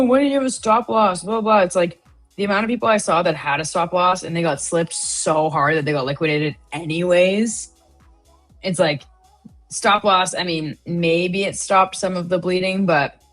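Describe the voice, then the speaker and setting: Young female co-host, casual and talkative, lower-leaning voice, music bed behind. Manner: chatty, quick questions, filler-heavy. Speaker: co-host of a live trading stream. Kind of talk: casual chat.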